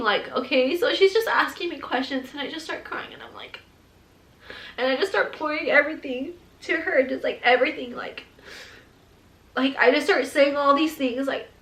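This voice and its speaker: A woman's voice: sits high, moderate pace, a bit bright. A woman sharing her own experience in a candid vlog, rambling and emotional and filling her speech with "like". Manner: rambling, heavy use of "like", emotional and open. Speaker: mother sharing her postpartum depression story. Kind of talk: candid personal storytelling vlog. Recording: roomy echo.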